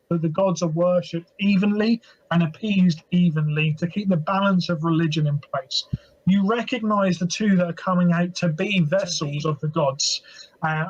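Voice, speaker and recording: High-voiced male game master. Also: dull audio. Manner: steady descriptive narration with fillers. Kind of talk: narrating a tabletop game.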